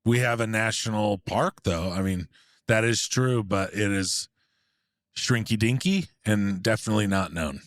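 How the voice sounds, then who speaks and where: A man co-hosting a podcast in casual chat, excitable and jokey, cheering the others on. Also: fairly low pitch, unhurried, dry recording, clean studio sound. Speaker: podcast co-host.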